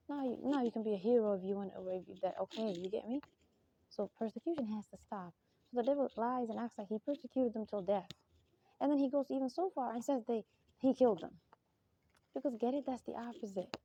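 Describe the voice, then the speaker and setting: Woman, rather high and very dark-toned, talking loosely about faith and checking in with listeners, on a dull lo-fi recording. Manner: rambling, keeps asking "you get me?". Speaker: religious speaker. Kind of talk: casual spiritual monologue. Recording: dull lo-fi recording with faint noise.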